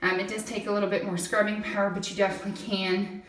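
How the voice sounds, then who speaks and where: This woman talks fast in a medium-pitched, level, fairly bright voice while giving a casual how-to in her home bathroom. As a product demonstrator she explains chattily while scrubbing, and the camera's distance makes the tiled room sound echoey.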